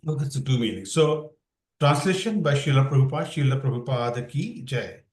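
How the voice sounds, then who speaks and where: A man's voice: mid-range voice, lively intonation, a little fast, darkish tone, echoey room, poor audio. A man teaching a scripture class online, explaining verses and asking his students questions. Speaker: Bhakti yoga teacher.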